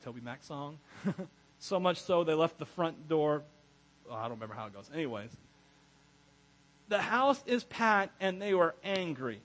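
A man preaching a sermon as pastor, animated, laughing often and breaking into chatty asides. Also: a little high, rough recording.

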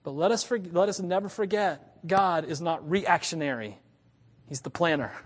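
Pastor, 30s, male: high voice, lively storyteller, laughs often, long hall echo. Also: moderate pace, slightly rough. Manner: animated storytelling with frequent laughs. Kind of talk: sermon.

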